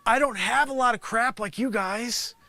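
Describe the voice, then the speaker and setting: A man's voice: very high voice, normal speed, bright, forceful tone, no room sound. A man doing an improvised comedic rant, exasperated and rambling. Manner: exasperated, rambling, repeats "freaking". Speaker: comedy performer.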